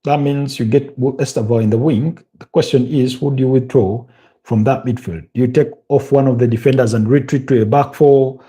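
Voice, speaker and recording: Man, football watch-along commentator, dark mellow tone, thinks out loud, halting. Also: medium pitch, steady tone, slightly rough. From Uganda. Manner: thinking aloud, hesitant, repeats words, chuckles. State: tired, yawning. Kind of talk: live match commentary and chat.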